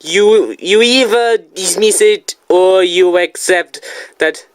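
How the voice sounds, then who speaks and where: A video reviewer doing a deliberately poor Japanese-accented impression of a male game designer, speaking slowly with halting pauses. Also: medium pitch, no room sound, lightly acted. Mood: mysterious. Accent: Japanese, put on badly. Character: Japanese game designer, man, gentle and mysterious.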